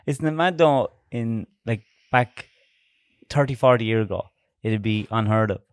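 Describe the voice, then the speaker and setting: A man's voice: fairly low pitch, moderate pace, no echo. An Irish man in his thirties hosting a podcast, teasing his guests with questions and laughing a lot. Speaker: podcast host. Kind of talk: casual podcast chat.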